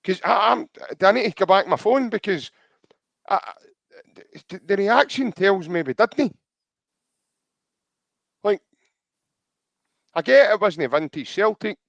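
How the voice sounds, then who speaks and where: A man's voice: sits high, lively intonation, measured pace, gravelly, pauses often, fairly bright tone, no echo. A man with a Scottish accent hosting a podcast in casual chat, reading out viewer comments and calling his co-host mate. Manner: chatty, calls co-host mate.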